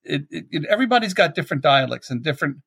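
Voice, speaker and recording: A man's voice: on the high side, lively intonation, rapid-fire, creaky, a bit bright, husky. A middle-aged man with a Baltimore accent hosts a podcast in a chatty, rambling way, amused by his own stories. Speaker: podcast host. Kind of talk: casual chat.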